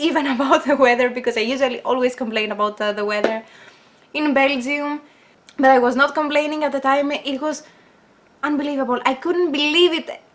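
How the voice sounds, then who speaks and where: High-voiced excited woman vlogger. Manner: excited, halting, many fillers. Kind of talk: casual personal storytelling to camera.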